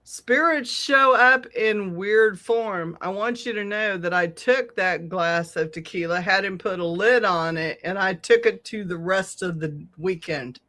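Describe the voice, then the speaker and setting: A middle-aged woman telling a long, animated story on a podcast, swearing freely and laughing often. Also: mid-range voice, unhurried, hardly any pauses. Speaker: podcast co-host. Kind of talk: casual storytelling chat.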